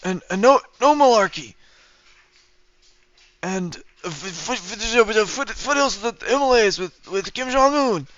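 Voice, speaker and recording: A man putting on an impression of a tired, senile old male politician, with a halting, stumbling delivery and a thin, aged sound. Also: high-pitched, lively intonation, a bit bright, dull audio, a little hiss or hum, pitched above the performer's own voice. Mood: rambling.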